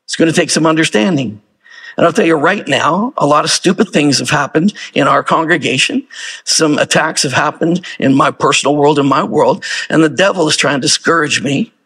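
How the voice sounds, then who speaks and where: A pastor delivers a sermon in a husky, slightly high voice that is a bit bright, speaking fairly quickly. He addresses his congregation loosely and conversationally, tossing out rhetorical questions along the way.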